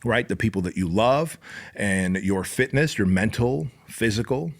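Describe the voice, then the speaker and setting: A man hosting a podcast, telling a story in an animated way, acting out the dialogue and swearing bluntly. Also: fairly low pitch, unhurried. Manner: animated, acts out dialogue with raised voice. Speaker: podcast host. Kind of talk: storytelling monologue.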